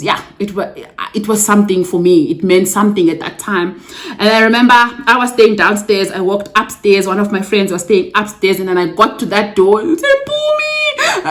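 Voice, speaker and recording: A young woman from Africa, telling her own story to camera in a casual vlog. She talks to viewers as guys and drops exclamations like yay and yo. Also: mid-range voice. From South Africa. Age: young adult. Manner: emotional, close to tears at times. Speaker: vlogger.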